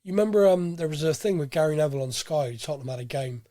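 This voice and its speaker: A man co-hosting a casual football fan podcast, talking in an animated, rambling way with frequent restarts. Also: a little high, quick pace, no echo, clean studio sound. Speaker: podcast co-host.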